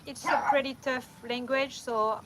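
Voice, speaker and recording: A woman's voice: sits high, steady tone, a little slow, very noisy. Chatty woman with a strong French accent. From France. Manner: chatty, laughs often, reads and answers viewer comments. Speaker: vlogger. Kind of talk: casual livestream chat. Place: van or home, at night. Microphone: no mic, phone or camera only.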